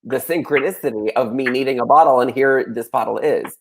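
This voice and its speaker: A young man who is a guest on a casual livestream, telling a story in a playful, laughing way. His voice sits at a middle pitch and has a lot of gravelly fry in it. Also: brisk, over a noisy crowd. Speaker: guest author. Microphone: video call.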